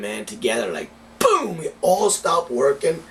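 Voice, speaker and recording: A man's voice: mid-range voice, very animated, unhurried, few pauses, fairly bright tone. Profane, ranting man on a distant mic. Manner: profane, heated political rant. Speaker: cigar reviewer. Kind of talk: casual ranting vlog monologue. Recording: distant mic with faint background noise.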